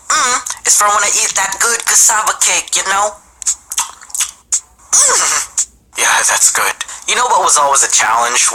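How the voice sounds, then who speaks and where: A man giving comedic scripted narration for an animated video, playful and jokey, with exaggerated pronunciations. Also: medium pitch, rough recording.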